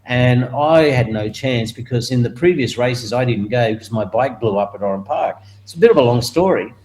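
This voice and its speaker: An older Australian man who used to race motorcycles tells a story during an interview, speaking at a moderate pace over poor audio. He's animated, laughing and raising his pitch as he acts out other people's voices.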